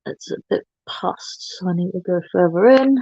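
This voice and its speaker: A woman chats casually while doing her makeup on a livestream, teasing herself in playful banter. Her lowish voice is gravelly and warm at a moderate pace, recorded lo-fi with no room sound.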